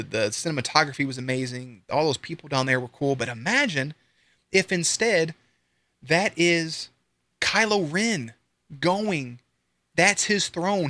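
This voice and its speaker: A young man streaming live, ranting casually with lots of swearing and sudden high-pitched outbursts. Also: no echo. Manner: profane, animated, swings into high-pitched outbursts.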